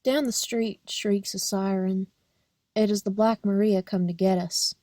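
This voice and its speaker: A young woman reading a novel aloud as an audiobook in a steady, plain first-person narration. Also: medium pitch, measured pace, no echo, clean studio sound. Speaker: audiobook reader.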